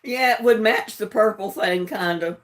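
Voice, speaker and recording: A woman hosts a live trivia stream, chatting casually and straight to her viewers while often dissolving into giggles. Her voice is medium-pitched at a moderate pace.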